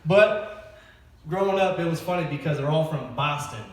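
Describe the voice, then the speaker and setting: A man's voice: fairly high pitch, animated, moderate pace, slight background noise. A man doing a rambling, self-deprecating stand-up set at a church open mic night. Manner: nervous, self-deprecating, rambling with fillers and laughs. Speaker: stand-up comedian. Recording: echoey hall recorded from far off.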